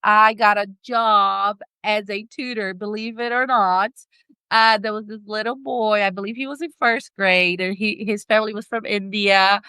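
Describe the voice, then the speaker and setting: A woman's voice: medium pitch, fairly even intonation, normal speed, pushed and bright, clean tone, dry recording. A middle-aged woman speaking English with a non-native accent, chatting as a podcast guest and laughing often as she searches for words. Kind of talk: casual interview chat.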